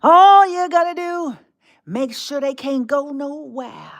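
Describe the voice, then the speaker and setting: A woman's voice: high-pitched, slow pace. A woman streaming live, delivering a mocking monologue as a tempter, drawling with laughs and whispered asides.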